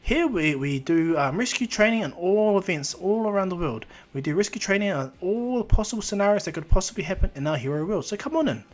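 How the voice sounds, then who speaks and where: A man's voice: high voice, lively intonation, fairly quick, few pauses, pitched above the performer's own voice. A man putting on a cheery female rescue hero. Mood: welcoming. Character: polite female rescue hero, gentle instructor.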